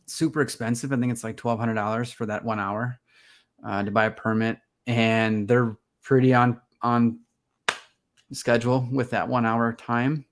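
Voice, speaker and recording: A man's voice: medium pitch, moderate pace. A man, a conservation photographer, talking casually as an interview guest and acting out his own reactions while he tells stories. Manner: animated storyteller, acts out his own reactions.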